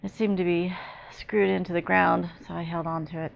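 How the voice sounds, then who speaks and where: A woman psychic medium giving an emotional, halting first-person channeling narration, repeating herself as she speaks. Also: fairly low pitch, little pitch movement, gravelly.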